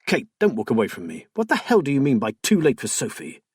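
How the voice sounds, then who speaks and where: A strained, defensive husband, read by a male narrator whose husky voice swings in pitch. He speaks in the narrator's own voice. The sound is dry and close to the mic. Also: wildly swooping pitch, fast talker, no echo. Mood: exasperated. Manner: pleading, then tense and exasperated.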